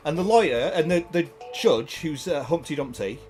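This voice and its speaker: A man's voice: a little high, expressive, moderate pace, poor audio. A man rambling through a giggly story while streaming a game. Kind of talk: casual banter. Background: game music.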